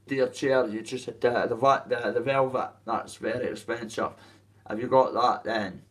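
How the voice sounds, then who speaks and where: In a coarse, rambling rant to camera laced with swearing, a man from Dundee, Scotland, tells the story of his boxing. He has a mid-range voice with fairly even intonation at a normal speed, recorded on a distant mic with a Dundee accent.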